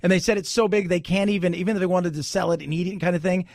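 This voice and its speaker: A man hosting a talk radio show, ranting sarcastically and breaking into sudden shouts. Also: high-pitched, steady tone, rapid-fire, no echo, studio quality. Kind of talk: opinionated talk radio rant.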